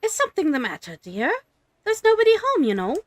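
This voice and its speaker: A woman's voice: sits high, huge pitch swings, a little fast, slight background noise, pitched above the performer's own voice. A woman voicing a chatty, sympathetic old woman neighbor, reading game dialogue aloud in a fussy, gossipy way.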